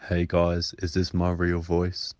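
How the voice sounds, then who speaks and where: A young man sending in three takes of his voice, one in a put-on Scottish accent, with a very low voice. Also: completely flat delivery, slow pace, a little mellow, dry recording, lo-fi sound. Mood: playful.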